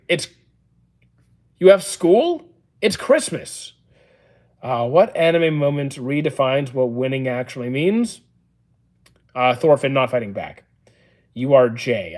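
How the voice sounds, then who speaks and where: A man in his thirties hosting a livestream, reading out chat questions and answering them in a calm, dry, matter-of-fact way with frequent "uh"s. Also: mid-range voice. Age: 30s. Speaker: livestream host.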